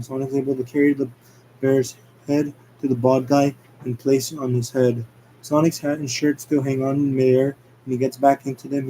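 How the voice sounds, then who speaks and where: Amateur male script reader, mellow mid-pitched voice, halting and stumbly. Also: slight background noise, rough recording. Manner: halting, stumbling over words. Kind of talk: amateur script read-aloud.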